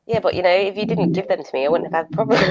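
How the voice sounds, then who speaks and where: A woman's voice: lowish voice, background noise. A woman joining a livestream panel over a video call, teasing and swearing in casual chat. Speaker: panel guest. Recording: dull lo-fi call audio.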